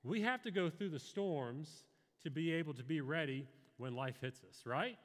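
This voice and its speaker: A man's voice: on the high side, normal speed, big-room sound. A man preaching a sermon to a live congregation in an earnest, conversational way, with personal stories. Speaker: pastor.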